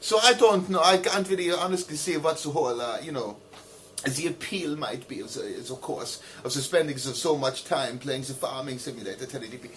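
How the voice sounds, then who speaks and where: A man answering viewer letters in a rambling, mock-earnest way, filling every pause with "of course" and putting on pompous sincerity. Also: mid-range voice, fairly bright tone. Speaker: comedy video host reading letters.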